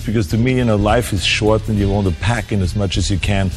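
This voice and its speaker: A man's voice: on the low side, fairly even intonation, soft background music. A man speaking earnestly and thoughtfully in an interview clip. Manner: measured, earnest, with restarts.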